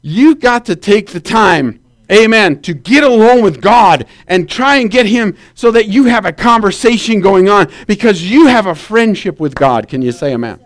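Man preacher with a high, lifted voice, animated sermon delivery, calls for amens. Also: moderate pace. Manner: animated storytelling with calls for amen.

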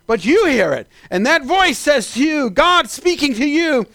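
Male preacher, high voice, very animated pitch, shouted peaks, fast asides. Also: no room sound, clean studio sound. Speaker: pastor. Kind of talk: sermon.

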